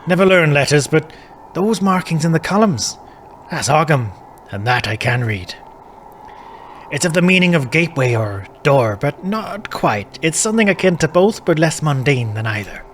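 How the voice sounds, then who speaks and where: A man's voice: fairly high pitch, expressive, normal speed, slight background noise, close to an everyday voice. An actor playing a plainspoken male druid in a video game, wry and matter-of-fact. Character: plainspoken middle-aged male Irish druid hotel guest.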